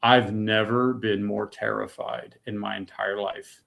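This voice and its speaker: A man's voice: fairly low pitch, little pitch movement, unhurried, creaky, a bit bright. A middle-aged man from the United States giving an emotional personal testimony, earnest and raw, repeating words when moved. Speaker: guest.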